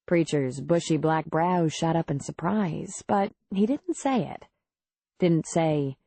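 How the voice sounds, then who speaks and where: A woman narrating a romance audiobook in a measured, even way. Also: fairly low pitch, dry recording. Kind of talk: scripted narration.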